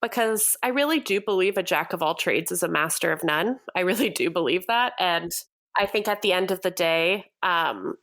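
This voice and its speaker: A woman's voice: lowish voice, expressive, normal speed, a bit bright, no room sound. A young adult woman from Canada, a copywriter guest on a podcast interview, speaking with bubbly enthusiasm.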